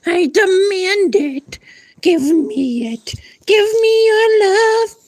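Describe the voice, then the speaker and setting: A very high, squeaky dog voice, slow and bossy, a pet demanding attention. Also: male voice, lively intonation, darkish tone, no echo, full character voice.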